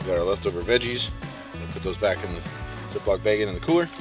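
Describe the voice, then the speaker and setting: A man chatting casually as he cooks outdoors, explaining each step in a relaxed way. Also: lowish voice, fast, recorded from a distance, over loud music, poor audio. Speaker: outdoor cooking vlogger. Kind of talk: casual cooking narration. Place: outdoors at a campsite.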